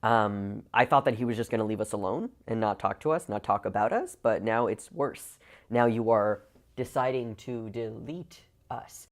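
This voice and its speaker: Very low-voiced woman ranting on camera. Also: normal speed. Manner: impassioned, heavy use of "like" fillers. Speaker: vlogger. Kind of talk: emotional video rant.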